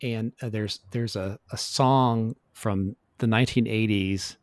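A man's voice: on the low side, fairly even intonation, measured pace, dry recording, clean studio sound. A middle-aged man speaking as a guest in a casual interview, telling his story in an earnest, reflective way. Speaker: podcast guest.

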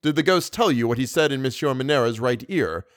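A man's voice: medium pitch, animated, brisk, no room sound, natural voice. A man as a teasing theatre manager. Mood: mocking. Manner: mocking, dry. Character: amused, teasing middle-aged male theatre manager.

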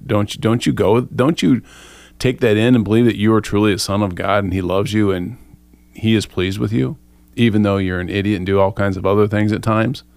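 Low, smooth-voiced man, casual Bible study chat, lively and self-mocking, dry close sound. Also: brisk, dry recording. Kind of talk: casual group discussion.

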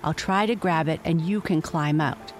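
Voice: medium pitch, normal speed, slight background noise, lightly acted. A storybook reader voicing a brave, determined young girl, speaking urgently and anxiously. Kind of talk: bedtime storybook reading.

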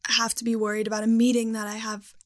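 Chatty young woman with vocal fry. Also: on the high side, monotone, fast. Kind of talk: casual chat.

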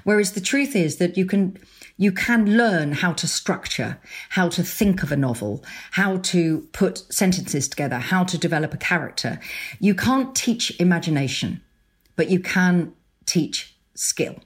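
A middle-aged woman novelist chatting in an interview, animated, laughing often and restarting her sentences. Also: on the low side, unhurried. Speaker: novelist guest. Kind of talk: casual interview chat.

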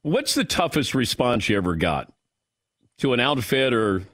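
A man hosting a talk show, asking slow, playful questions and laughing easily with his guest. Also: medium pitch, big pitch swings, fairly bright tone. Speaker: radio show host. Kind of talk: casual talk show interview.

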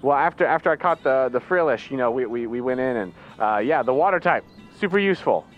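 An eager young man trainer, as a player puts him on, who keeps tripping over his own words and jumps all over in pitch. The sound is a little dull and lo-fi, like a home setup. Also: lively intonation, soft background music, close to an everyday voice. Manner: halting, full of restarts and fillers. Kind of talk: tabletop role-play over a phone call.

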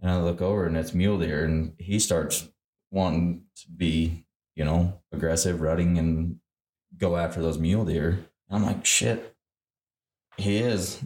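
Low-voiced hunting guide in a roomy echo. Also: male voice, normal speed. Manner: animated, acts out his own quoted lines. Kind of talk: casual storytelling.

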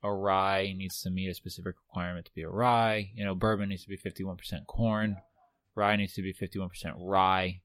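A man's voice: low-pitched, little pitch movement, brisk, fairly bright tone, dry recording. A man hosting a casual whiskey-tasting chat, joking and chatty. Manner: joking, chatty, self-deprecating. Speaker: podcast host.

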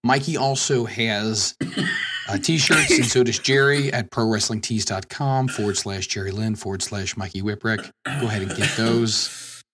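A man's voice: lowish voice, normal speed, a bit bright, slight background noise. A man hosting a podcast in casual chat, upbeat, reading out plugs for the show and swearing now and then. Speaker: podcast host.

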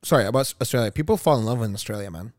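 A man's voice: medium pitch, very fast, no room sound, clean studio sound. A man co-hosting a casual podcast chat, playful and teasing, laughing often. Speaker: podcast co-host.

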